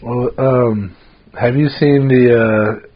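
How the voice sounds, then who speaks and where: Husky guy co-hosting a podcast, rambly and laid back, muffled lo-fi sound. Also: medium pitch, steady tone, slow pace. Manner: loose and rambling, with laughs and fillers. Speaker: podcast co-host. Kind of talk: casual chat.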